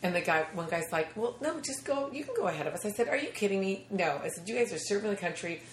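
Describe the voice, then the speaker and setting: A woman's voice: fairly low pitch, quick pace, echoey room, slight background noise. A woman comedian in her thirties telling stories in casual chat, acting out other people's voices and laughing often. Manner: animated, acts out quoted voices, laughs often. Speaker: comedian guest.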